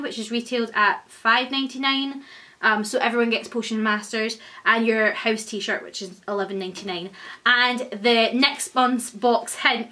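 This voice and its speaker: A young woman, gushing and excitable as she chats through an unboxing for her vlog. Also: fairly high pitch. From Scotland. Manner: gushing, excitable, many exclamations. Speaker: vlogger. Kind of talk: casual unboxing chat.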